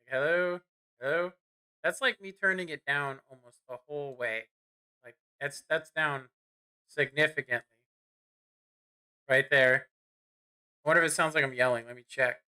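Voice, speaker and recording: A man streaming a tank game, rambling casually and clearing his throat as he fiddles with his microphone. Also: fairly high pitch, moderate pace, long pauses, bright, forceful tone. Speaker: gaming streamer. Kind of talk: casual live-stream commentary. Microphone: desk microphone.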